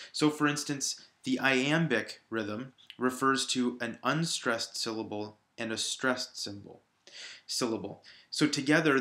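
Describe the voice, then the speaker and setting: In a reverberant recording, a male high school English teacher with a mid-range, pushed and bright voice gives a video lesson. He explains patiently and says examples aloud again to stress every syllable.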